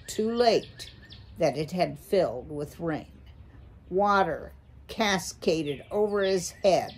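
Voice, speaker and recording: Slow woman reading a children's book. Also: lowish voice, darkish tone, slight background noise. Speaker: storyteller. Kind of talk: children's book read-aloud.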